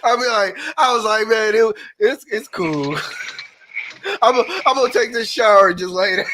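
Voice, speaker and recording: A man's voice: high voice, normal speed, pushed and bright, a little hiss or hum. A man in casual chat, laid-back and profane, often laughing as he talks.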